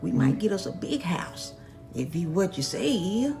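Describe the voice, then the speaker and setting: A woman playing a timid gravelly old woman. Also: on the low side, very animated, normal speed, warm tone, soft background music. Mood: hopeful.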